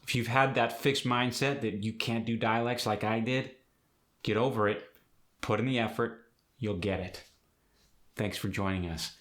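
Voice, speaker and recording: Low-voiced male accent coach. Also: fairly even intonation, moderate pace, pauses often, a bit bright. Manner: clear, step-by-step instructive delivery. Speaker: accent coach and channel host. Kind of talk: instructional explanation.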